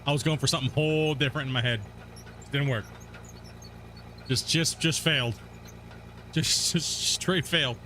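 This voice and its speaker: A young man chats loosely with his viewers while he plays, swearing freely and laughing at his own flubs. His voice sits a bit high and sounds bright and forceful. A faint hiss runs underneath. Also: moderate pace, pauses often. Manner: laid-back, swears freely, laughs at himself. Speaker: gaming streamer. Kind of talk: casual live-stream chat while playing.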